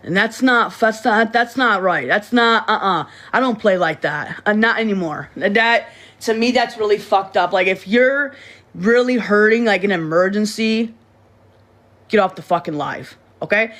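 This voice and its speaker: A young woman chats straight to her livestream audience in a loose, rambling way. She stumbles over words and restarts often, speaks bluntly with plenty of swearing, and her pitch sits in an ordinary middle range. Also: a bit bright. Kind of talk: casual livestream chat to viewers.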